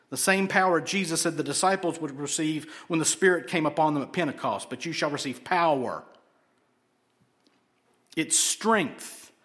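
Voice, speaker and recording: Animated preacher, a man. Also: a little high. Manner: animated, asks rhetorical questions, jokes. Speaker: pastor. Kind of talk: expository sermon.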